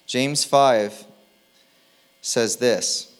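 A male pastor delivering a sermon in an easy, conversational voice. His delivery is animated and keeps the mood light. He slips into playful little impressions now and then. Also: medium pitch, very slow, clean tone.

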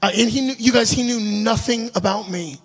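High, husky-voiced preacher in a reverberant hall. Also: male voice, brisk. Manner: animated, laughing asides, direct address to the congregation. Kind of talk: storytelling sermon. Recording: live sermon with long hall reverb.

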